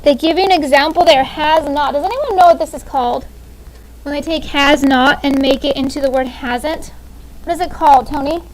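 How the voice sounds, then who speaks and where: A woman's voice: sits high, moderate pace, a little hiss or hum, rough recording. A woman in her thirties teaching a classroom grammar lesson, upbeat and often checking in with "okay?". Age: 30s.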